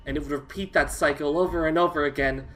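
A man voicing a cold, possessed woman in a cult who speaks with calm menace. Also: on the high side, fast, pitched above the performer's own voice, lightly acted. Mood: solemn.

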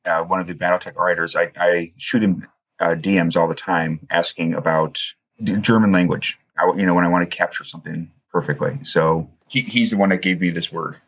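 Deep husky guy talking about his own story, laid back. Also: a little fast. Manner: relaxed, explaining his own writing. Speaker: guest author. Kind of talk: casual chat.

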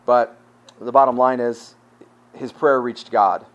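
A male pastor giving a conversational sermon, often repeating words and asking rhetorical questions, his volume dropping from full to quiet. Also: medium pitch, fairly even intonation, takes it slowly, dull audio.

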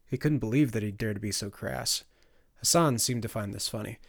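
A man's voice: on the low side, fairly quick, vocal fry, dry recording. Man narrating an audiobook, dry and close. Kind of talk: scripted fantasy narration.

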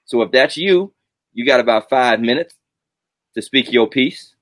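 A man's voice: medium pitch, lively intonation, a little slow, fairly bright tone, no room sound. A man hosting a casual live stream, joking and drawing out his announcements. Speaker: host.

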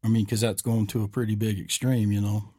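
A man's voice: on the low side, level tone, fast, mellow, breathy edge. A man hosting a podcast, telling a story in a rambling, casual way and often checking in with "right?". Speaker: podcast host.

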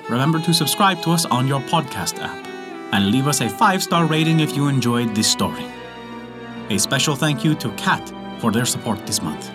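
A man reading a folktale aloud as a storyteller, in measured, expressive narration. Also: mid-range voice. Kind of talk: scripted narration.

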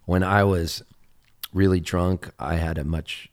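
A male singer-songwriter in casual conversation, telling stories, acting out other people's lines in a raised voice and dropping low and quiet on serious moments. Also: fairly even intonation, a little slow.

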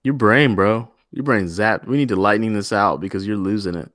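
Young male cohost, low dry voice, joking and teasing. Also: moderate pace, a bit bright, no echo. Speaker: podcast co-host. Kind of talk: casual chat.

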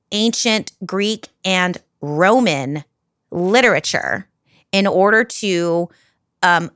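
A woman talking casually on a podcast, chatty and quick to swear. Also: fairly low pitch, a bit bright, clear, resonant tone, dry recording, studio quality. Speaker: guest presenter.

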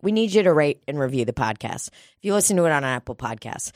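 A woman co-hosting a podcast in casual chat, swearing a lot, excitable and quick to laugh. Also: deep voice, no room sound, studio quality. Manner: profane, excitable, laughs often. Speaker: podcast co-host.

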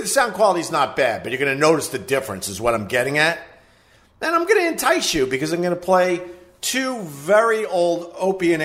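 Animated, ranting male podcast host. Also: fairly high pitch. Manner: heated, swearing, shouting in bursts. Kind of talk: casual monologue rant. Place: home studio in a bathroom. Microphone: high quality recorder.

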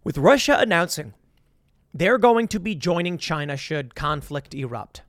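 A man with a notably high voice delivers an opinionated commentary monologue. He is blunt and sarcastic and argues his points with rhetorical questions. The recording is close and dry. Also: big pitch swings, moderate pace, fairly bright tone, dry recording. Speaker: political commentator.

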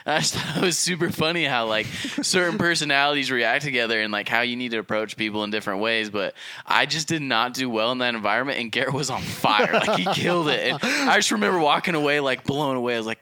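A young man co-hosting a podcast, telling a story in animated casual chat and laughing often between fillers. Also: mid-range voice, quick pace, no echo. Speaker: podcast co-host.

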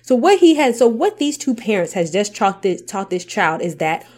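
A woman's voice: medium pitch, sing-song, normal speed, a little mellow. A woman vlogger talking to camera about parenting, with emphatic repetition and rhetorical questions. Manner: emphatic, repeats points, asks rhetorical questions. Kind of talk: casual advice talk to camera.

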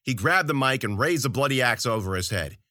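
A man's voice: medium pitch, animated, a little fast, bright, forceful tone, dry recording, studio quality. A man narrating a story in first person, with wry, colloquial and profane delivery. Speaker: audiobook narrator.

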